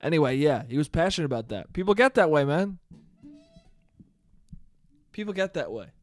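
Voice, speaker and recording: A man's voice: on the high side, sing-song, moderate pace, dry recording. A young man hosting a solo comedy podcast, ranting animatedly with profanity and acting out little bits of dialogue. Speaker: podcast host.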